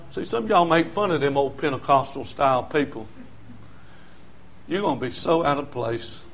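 Older pastor, gravelly voice; folksy sermon, quiet stretches breaking into shouts. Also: male voice, on the high side, moderate pace.

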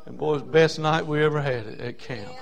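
A man, a preacher telling a folksy story in a sermon that builds from quiet asides to shouting. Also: fairly high pitch, fairly even intonation, fairly quick, creaky, lo-fi sound.

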